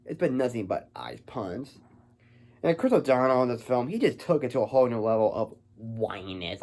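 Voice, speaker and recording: A man's voice: mid-range voice, lively intonation, brisk, mellow. A man giving a casual film review, rambling and stumbling over his words.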